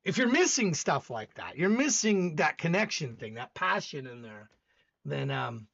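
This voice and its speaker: Male host, intense and emphatic, high lively voice, lo-fi audio. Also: measured pace, gravelly. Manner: intense, emphatic, rambling with repeated restarts. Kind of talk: casual livestream chat.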